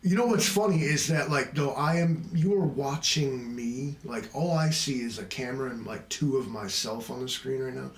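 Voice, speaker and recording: A man's voice: mid-range voice, normal speed, hardly any pauses. Guy rambling on his livestream, jokey and all over the place, kinda echoey room. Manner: wandering, jokey, self-mocking. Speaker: livestream host. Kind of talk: rambling casual livestream chat.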